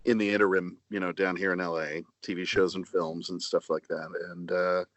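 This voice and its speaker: A middle-aged man being interviewed as a guest voice actor, speaking in a measured, earnest way with many fillers and restarts. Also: deep voice, flat delivery, fairly bright tone, no room sound. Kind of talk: casual interview.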